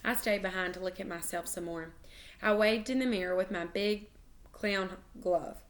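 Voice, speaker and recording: A woman reading a children's book aloud, expressive and animated, with small slips and restarts. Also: mid-range voice, normal speed. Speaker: reader.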